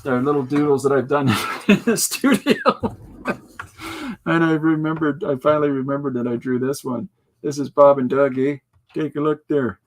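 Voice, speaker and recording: A man whose voice sits on the high side hosts a podcast at a normal pace, keeping the chat rambling and casual. He's jokey, laughs often and breaks into impressions.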